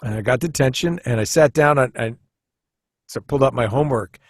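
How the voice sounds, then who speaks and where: A man chatting as a podcast guest, telling stories in an animated, rambling way with many restarts, often jumping into quoted voices. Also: mid-range voice, brisk, dry recording, studio quality. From United States. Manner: animated storyteller who jumps into quoted voices. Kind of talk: casual storytelling chat.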